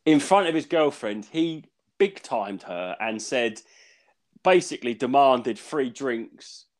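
A man's voice: medium pitch, slow pace. A man, a comedian co-hosting a podcast, telling gig stories in casual chat and acting out the people he quotes. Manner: animated storyteller, acts out quotes.

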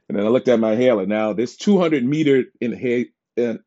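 A man hosting his own podcast, telling casual stories in an animated, self-described dramatic way and laughing often. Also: medium pitch, normal speed. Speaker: podcast host. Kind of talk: casual storytelling monologue. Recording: dull lo-fi recording.

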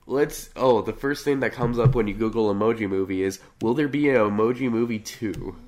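A man's voice: lowish voice, a little fast, a little mellow. A man talking as a podcast guest in casual chat, sardonic and swearing freely.

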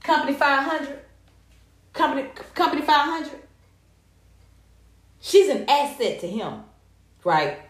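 An American woman giving casual, sassy gossip commentary, animated and profane. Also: high-pitched, slow, pauses often. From United States. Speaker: commentary vlogger. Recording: echoey room.

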